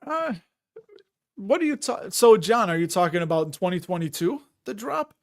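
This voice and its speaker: A man hosting a live chat stream, talking in a loose, wandering way and sounding a bit worn out. His voice sits a little high for a man. He reads out viewer comments as he goes. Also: very animated, moderate pace. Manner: rambling, chatty, reads viewer comments aloud. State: tired.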